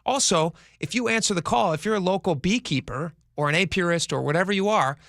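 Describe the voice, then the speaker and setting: A man's voice: high-pitched, a little fast, fairly bright tone, no room sound. A man co-hosting a talk radio show, chatting casually and joking while asking eager questions from the studio.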